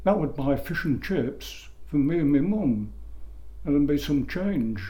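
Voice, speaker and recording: A man's voice: a little high, expressive, unhurried, mellow. An older man from England telling rambling stories about his first jobs as a boy, often correcting himself mid-sentence. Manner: rambling, self-correcting storyteller. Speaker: interviewee recalling his youth. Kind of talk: oral history reminiscence.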